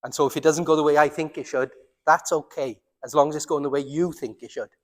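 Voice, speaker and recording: A man with a Welsh accent preaching a sermon as pastor, earnest, slowing down and dropping his voice for emphasis. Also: fairly high pitch, steady tone, long reverb tail. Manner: earnest, slows down and drops to near silence for emphasis. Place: church.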